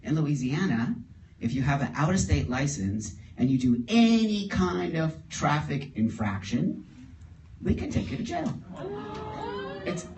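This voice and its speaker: A man telling a story on stage to a live audience. He talks in an animated way, laughs often and acts out the other people's lines. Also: on the high side, noisy background. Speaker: guest storyteller. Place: live event in a store before an audience. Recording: roomy live room, distant mic, audible audience.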